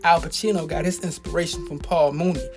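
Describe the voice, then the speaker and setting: A man's voice: a little high, steady tone, fast talker. A man narrating a tribute video in an earnest, admiring scripted way. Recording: narration over loud music.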